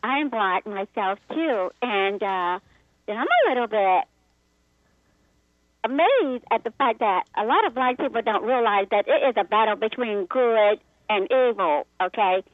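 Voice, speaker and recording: A woman's voice: a little high, animated, measured pace, dry recording. A woman with an Asian accent calling in to a radio show, polite, earnest and emphatic. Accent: Asian-sounding. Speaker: caller. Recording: tinny phone line.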